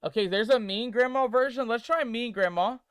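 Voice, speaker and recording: A man streams a game, chatting playfully with viewers he calls mateys, reading their chat aloud and testing text-to-speech voices. His voice is very high-pitched, fairly quick, fairly bright and smooth. The recording is dry, with clean studio sound.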